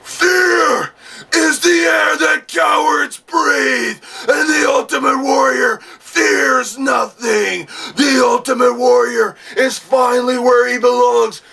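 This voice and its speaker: A wild-eyed pro wrestler hollers his grand declarations in a high, strained voice. Each phrase is stretched slow and pushed to a shout. The voice sits a bit far from the mic. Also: steady tone, gravelly, slightly rough, exaggerated voice. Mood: intense.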